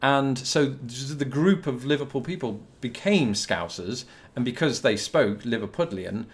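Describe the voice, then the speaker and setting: A young man with a British English accent talks straight to the camera, answering viewer questions in a loose, rambling Q&A. His voice sits at an ordinary middle pitch, and he keeps drifting into dry, self-mocking asides. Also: lively intonation, measured pace. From Britain. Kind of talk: casual to-camera Q&A.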